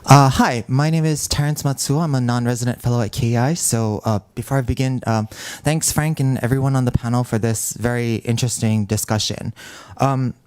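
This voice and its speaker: A man's voice: medium pitch, steady tone, fairly quick, darkish tone, smooth. A man in the audience, polite and formal, putting a question to a panel.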